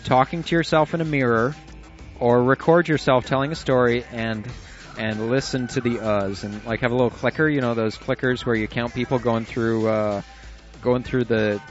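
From a small room at home with the window shut, a man with a steady, medium-pitched voice hosts an internet radio show at normal speed. He chats loosely, jokes, swears casually and laughs a lot, over dull lo-fi sound and faint music.

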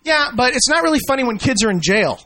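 Brash, high, bright-voiced mocking radio host. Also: male voice, sing-song, quick pace. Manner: profane, mocking, talks over the guest. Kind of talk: combative radio interview.

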